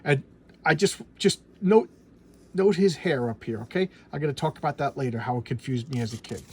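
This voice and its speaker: A middle-aged comic book reviewer pages through an old comic, chatting casually and gushing eagerly, often stammering and repeating words. His voice leans high and dark-toned, with lively intonation at a normal speed, and there's a little hiss or hum.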